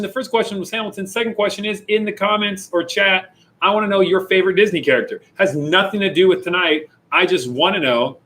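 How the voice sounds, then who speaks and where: A man's voice: fairly high pitch, fairly bright tone, poor audio. A young man and youth pastor chatting casually and jokingly with viewers on a livestream. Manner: jokey, playful, chatty with viewers.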